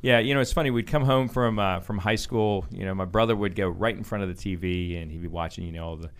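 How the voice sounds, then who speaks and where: A man's voice: deep voice, fast, clear, resonant tone. A man answering interview questions on a radio show, telling stories about himself with lots of fillers and restarts. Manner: animated storytelling with frequent fillers and restarts. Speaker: guest, business owner.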